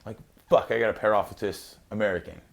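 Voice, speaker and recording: A man hosting a podcast in casual chat, an animated storyteller who acts out quotes, swears freely and laughs often. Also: on the low side, fast, creaky. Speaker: podcast host.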